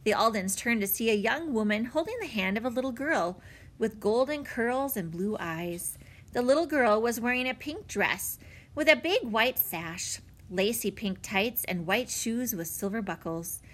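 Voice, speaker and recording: A woman narrating a children's audiobook in an expressive storytelling manner. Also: a little high, normal speed. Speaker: audiobook reader.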